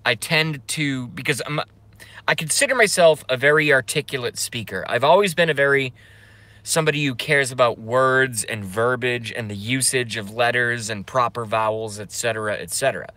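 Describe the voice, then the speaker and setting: His mid-range voice sounds pushed and bright on a dry recording as he hosts a casual live stream. Rambling and swearing, he reads chat out loud and laughs often, breaking off mid-thought and dragging out filler sounds.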